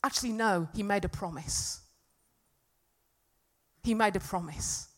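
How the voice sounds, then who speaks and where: A woman preaching a sermon to a congregation, earnest and emphatic, swinging from loud peaks to soft, quiet stretches. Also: medium pitch, a little slow. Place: church hall with congregation.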